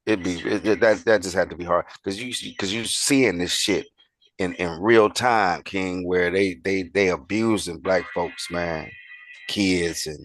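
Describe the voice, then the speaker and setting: A man's voice: low voice, fairly even intonation, unhurried, no echo. A man co-hosting a video reaction show, talking in a laid-back, profane way and saying "man" constantly. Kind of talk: casual reaction chat.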